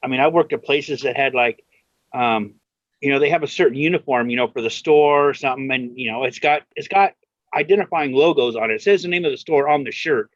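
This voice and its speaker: A man's voice: medium pitch, fairly quick, no echo. A man chatting casually, rambling with many fillers as he tells a story. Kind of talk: casual chat. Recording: dry, dull lo-fi sound.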